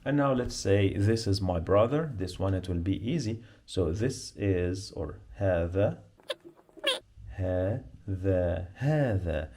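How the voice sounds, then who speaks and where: A man with an Arabic accent teaching a beginner lesson, speaking slowly and repeating each word to drill pronunciation. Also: sits low, lively intonation, mellow. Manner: slow, repetitive, drills pronunciation.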